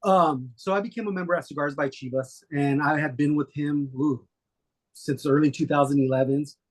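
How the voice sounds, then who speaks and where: Husky-voiced man telling stories. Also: on the high side, moderate pace. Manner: relaxed, rambling, many fillers. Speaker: guest. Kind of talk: casual storytelling interview.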